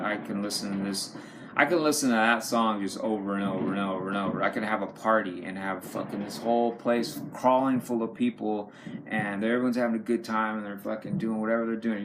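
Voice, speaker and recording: A man's voice: fairly low pitch, moderate pace, noisy background. A man casually showing his record collection, rambling and enthusiastic, swearing often and using many fillers. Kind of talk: casual unscripted talk to camera.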